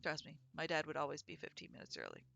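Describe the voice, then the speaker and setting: A woman's voice: deep voice, huge pitch swings, fast talker, vocal fry, bright, forceful tone, no echo, lo-fi sound. Playful woman reading a dating game. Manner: playful, reads all characters aloud. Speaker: let's play host.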